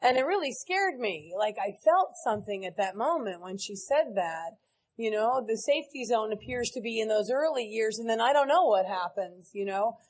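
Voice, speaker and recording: A woman's voice: fairly high pitch, lively intonation, normal speed, slight background noise, rough recording. A woman giving a candid, earnest recovery talk to a large meeting audience. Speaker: AA speaker. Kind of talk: recovery speech to a live audience.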